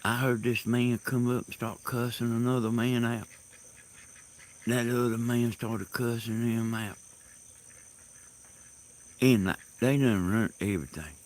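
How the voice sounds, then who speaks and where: A man telling rambling stories in a casual monologue, halting and laughing loudly at his own tales, recorded outdoors in the countryside. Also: medium pitch, fairly even intonation. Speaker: host. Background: crickets and insects.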